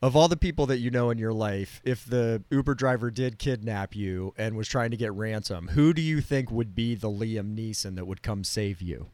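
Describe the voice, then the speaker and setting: A man's voice: lowish voice, normal speed, few pauses, a little mellow, no echo. A man co-hosting a podcast, joking in casual chat. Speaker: podcast co-host.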